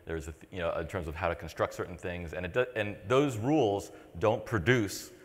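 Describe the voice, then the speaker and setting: A man's voice: low-pitched, brisk. A man in his forties co-hosting a podcast, talking thoughtfully and rambling with lots of fillers and restarts. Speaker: podcast co-host. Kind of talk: casual podcast chat. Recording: long reverb.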